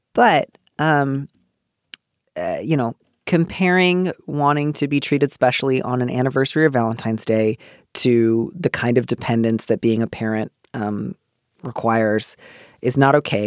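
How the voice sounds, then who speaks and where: Animated man with a dry sound. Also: mid-range voice, unhurried, no echo. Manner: animated, many restarts and fillers. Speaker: advice podcast co-host. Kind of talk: casual advice chat.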